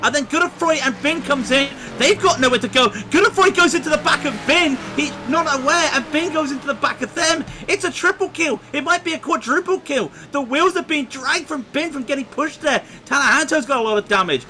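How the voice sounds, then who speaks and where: A man doing excitable live commentary on a sim race, shouting when cars crash. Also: extremely high pitch, a little fast, hardly any pauses.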